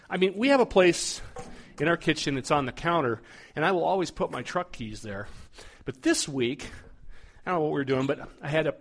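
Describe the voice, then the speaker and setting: Middle-aged man, pastor, sermon, chatty storytelling, lively delivery. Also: fairly high pitch. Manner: storytelling, conversational and animated.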